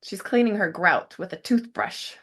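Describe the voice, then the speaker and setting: A young adult woman podcast host recapping an episode, animated and quick to laugh. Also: medium pitch, breathy edge. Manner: animated storytelling, laughs often. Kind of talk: recap commentary.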